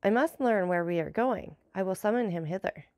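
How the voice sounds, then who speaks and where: A woman reading the lines of a calm, commanding nobleman in an audiobook, measured and slightly ironic. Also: medium pitch, no room sound, studio quality, natural voice. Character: commanding, enigmatic nobleman, the Count.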